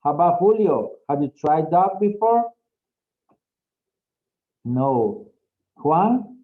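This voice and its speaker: A man's voice: fairly high pitch, very animated, slow, narrow, tinny audio. A man teaching an English class over a video call, patient and encouraging. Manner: patient, encouraging, repeats okay often.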